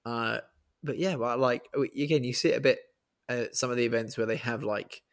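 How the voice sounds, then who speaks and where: A man's voice: medium pitch, fairly quick. A man co-hosting a casual podcast chat over a remote call, often laughing and restarting. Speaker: podcast co-host. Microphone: remote call mic.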